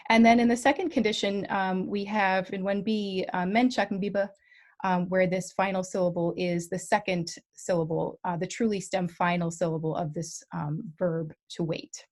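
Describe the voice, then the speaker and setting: A woman's voice: on the low side, little pitch movement, moderate pace, darkish tone. Woman giving an academic talk, many ums. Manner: careful, many ums and self-corrections. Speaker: guest lecturer.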